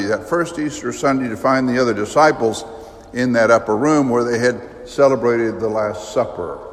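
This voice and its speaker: Priest, male, unhurried sermon delivery, vivid and emphatic, big church reverb. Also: mid-range voice. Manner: slow, emphatic, vivid storytelling with sudden rises. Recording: long reverb of a large church.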